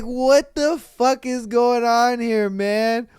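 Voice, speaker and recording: A man's voice: very high voice, takes it slowly, smooth, no room sound, clean studio sound. Laughing, profane young male podcast host. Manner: profane, laughs often, reacts loudly. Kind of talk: casual commentary reading listener posts.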